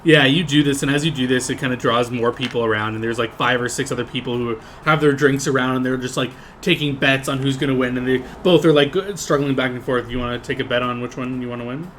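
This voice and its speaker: A man running a tabletop game, describing scenes in a loose, rambling way full of "like" and "kinda". His voice sits at a middle pitch, with a faint hiss of noise in the background. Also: fairly even intonation, fast talker, few pauses, fairly bright tone. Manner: casual, rambling, many fillers. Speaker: game master.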